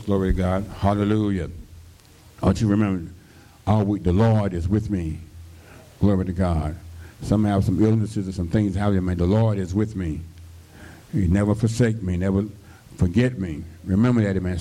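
Low, dark-voiced preacher man. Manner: fervent, punctuated with constant hallelujahs and thank-you-Jesus. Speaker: pastor. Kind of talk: radio sermon.

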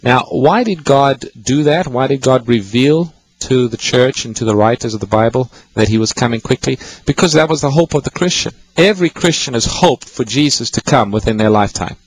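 Male call-in host with a husky voice, patiently teaching scripture to callers. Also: medium pitch, fairly quick, few pauses, rough recording. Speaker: radio Bible-teaching host. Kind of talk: call-in radio Bible teaching.

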